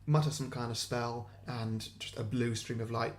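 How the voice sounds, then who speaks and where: A young man at a middling pitch narrating a comic sequel pitch. He laughs at himself often and admits he can't do voices. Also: level tone, normal speed, slight background noise. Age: young adult. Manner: self-deprecating, giggly. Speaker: podcast co-host.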